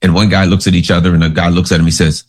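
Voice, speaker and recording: A man's voice: low voice, flat delivery, racing. A man giving casual political commentary, rambling through sarcastic anecdotes.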